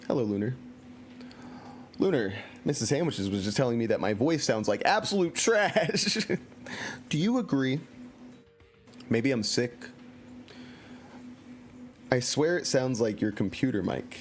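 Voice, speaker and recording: A man's voice: medium pitch, big pitch swings, unhurried, pauses often, soft background music. A man streaming a video game, chatting casually in a playful, joking and self-mocking way. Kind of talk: casual let's-play commentary.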